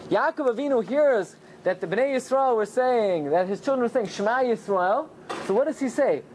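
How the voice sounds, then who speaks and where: A man giving an animated Torah class, telling the story with lots of rhetorical questions. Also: very high-pitched, brisk, slight background noise. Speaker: rabbi teaching Torah.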